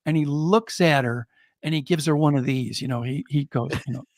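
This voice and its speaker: A middle-aged American man, a storyteller, telling a personal anecdote on a podcast in a lively way and chuckling as he goes. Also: a little high, moderate pace, no echo, studio quality. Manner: lively, chuckling, builds excitement as he tells it.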